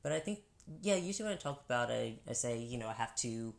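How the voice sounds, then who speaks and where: A woman's voice: extremely low pitch, lively intonation, fast talker, creaky. A woman talking candidly in a casual couple's chat, laughing often and restarting her sentences.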